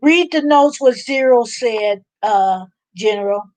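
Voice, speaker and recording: A woman's voice: fairly high pitch, lively intonation, a little slow, a little mellow, dry recording. A woman hosting a casual livestream chat with viewers, chatty and laughing often, sounding a little drained. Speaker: livestream host.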